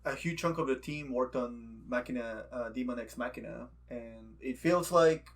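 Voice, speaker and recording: A man co-hosting a casual gaming podcast, relaxed and quick to laugh, who grew up outside the United States. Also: medium pitch. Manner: laid-back, laughs often, repeats jokes. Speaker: podcast co-host. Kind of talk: casual chat.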